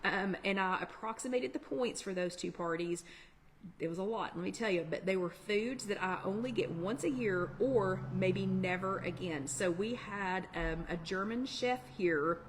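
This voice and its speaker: A woman hosting a live online workshop chat, talking fast in a chatty, encouraging way. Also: medium pitch, slight background noise. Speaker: workshop host. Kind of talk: casual live-stream chat.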